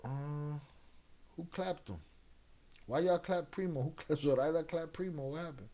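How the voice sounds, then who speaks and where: The streamer's tone is dark, though his pitch leans high, and he talks at a normal speed. He's casually chatting with his viewers, needling them with crude, easygoing banter.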